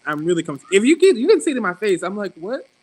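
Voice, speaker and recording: Animated man retelling with laughs. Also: sits high, very fast, low-quality recording. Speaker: city clerk, interview guest. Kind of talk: casual live-stream interview.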